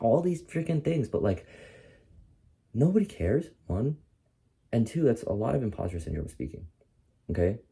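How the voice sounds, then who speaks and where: A man's voice: sits low, warm tone, breathy edge. A man of twenty, a content creator, talking in a casual, profane, rambling way in a motivational vlog while he is groggy and tired. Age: 20s.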